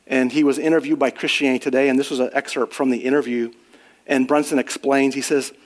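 A man's voice: medium pitch, flat delivery, fast talker. A middle-aged man preaching a sermon in an earnest, conversational way, rising on emphatic questions and sharing personal stories. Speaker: pastor.

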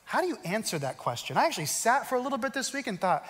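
A man preaching a sermon as pastor, moving between quick, loud storytelling and slow, hushed emphasis. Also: extremely high pitch, very animated, in a large hall.

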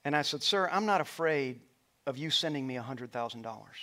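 A middle-aged male pastor preaching a sermon in a church, rising to loud passionate peaks and dropping to a soft storytelling voice. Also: medium pitch, lively intonation, brisk. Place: church auditorium with stage lights.

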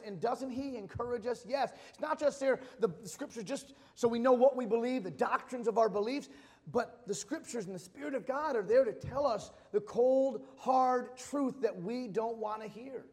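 High-voiced man preaching in a reverberant hall. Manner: casual, storytelling, repeats phrases for emphasis. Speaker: pastor. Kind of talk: conversational sermon.

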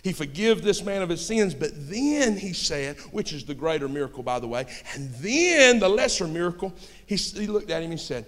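Man preaching, high voice, shouts then drops to a hush, folksy phrasing, long church reverb. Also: expressive, moderate pace. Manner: swings between shouting and hushed storytelling. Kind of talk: sermon.

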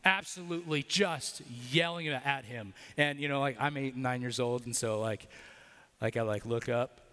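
A man's voice: mid-range voice, normal speed, pushed and bright. Man preaching in a reverberant church. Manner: casual storytelling with many fillers, then earnest prayer. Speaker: pastor. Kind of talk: sermon with personal story and prayer. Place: church building.

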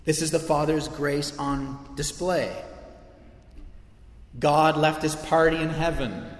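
A man preaching a sermon as pastor, earnest and impassioned, with emphatic swells. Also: fairly high pitch. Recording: echoey hall with long reverb.

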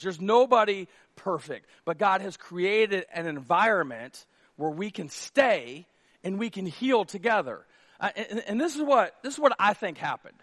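Male pastor, high-pitched voice, conversational sermon delivery with hushed lows and shouted highs. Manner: conversational, drops to a hush for acted dialogue, then rises to near shouts. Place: church auditorium stage.

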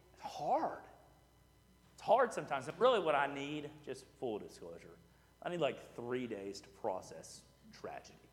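Animated pastor preaching in a hall. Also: male voice, medium pitch. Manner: conversational, animated, with frequent "right?" asides and restarts. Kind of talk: sermon. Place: church sanctuary. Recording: reverberant church hall.

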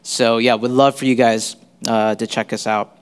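A man giving a sermon as a visiting pastor in a church, speaking haltingly with many fillers and restarts. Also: mid-range voice, flat delivery, clear, resonant tone, big-room sound. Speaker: guest pastor. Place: church sanctuary.

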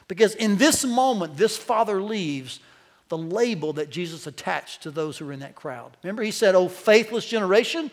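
A male pastor preaching a sermon to a church congregation, animated, his voice climbing as he quotes. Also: high-pitched. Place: church sanctuary.

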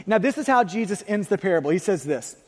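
Male preacher, high voice, emphatic and repetitive delivery, long hall reverb. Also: animated, quick pace, breathy edge. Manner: emphatic, repeats key phrases, swings between loud and hushed. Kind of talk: sermon.

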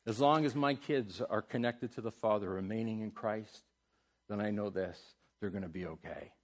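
A man's voice: lowish voice, moderate pace. Middle-aged male pastor preaching passionately. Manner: emphatic preaching, swinging from loud exhortation to soft, tender prayer. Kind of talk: sermon.

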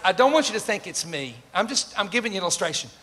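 An older man, a pastor with a high voice who talks fast, preaches a storytelling sermon in a church sanctuary. He's animated, voicing the people in his stories and joking with the congregation, and the reverberant hall carries faint ambient noise.

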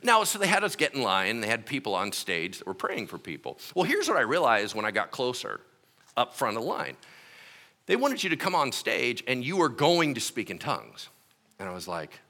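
Lively, bright-voiced male pastor. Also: mid-range voice, fairly quick. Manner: animated, acts out quotes with shouts and laughs. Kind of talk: sermon storytelling.

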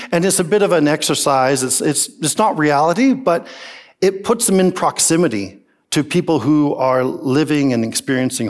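Animated, lively-voiced male pastor preaching. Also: medium pitch. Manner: animated, emphatic preaching with rhetorical questions. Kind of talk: sermon.

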